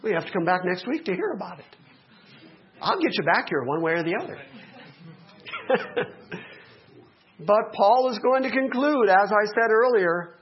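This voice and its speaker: A middle-aged male pastor preaching a sermon, animated, with joking asides to the congregation. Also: sits high. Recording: dull lo-fi recording.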